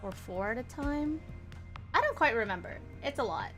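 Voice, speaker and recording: A woman in her twenties streaming a game from home, chatting excitedly, pleading and repeating herself as she pulls. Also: fairly high pitch, moderate pace, faint music behind. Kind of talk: casual live-stream chat during game pulls.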